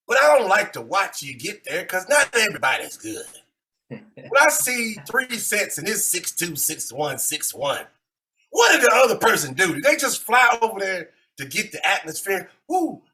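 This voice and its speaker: Man, podcast co-host, lively swooping pitch, ranting. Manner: animated ranting, big swings in loudness. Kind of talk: casual sports chat.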